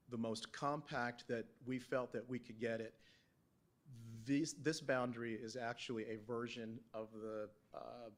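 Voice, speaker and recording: A man on the town staff presenting slides at a council work session, halting, with many fillers and restarts. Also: fairly low pitch. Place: council meeting room.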